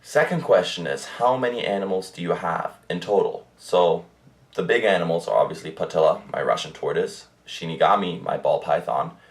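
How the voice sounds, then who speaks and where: A man's voice: low-pitched, normal speed, creaky. A young man from Germany talking casually to camera in a rambling pet update, with frequent fillers and restarts. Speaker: pet vlogger. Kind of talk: casual monthly update vlog.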